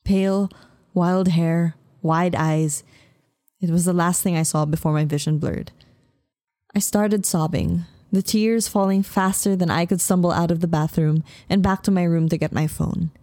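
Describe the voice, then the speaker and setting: A woman's voice: lowish voice, dark tone, dry recording, clean studio sound. A woman reading a romance novel aloud as an audiobook narrator. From Philippines. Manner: measured, emotive first-person reading.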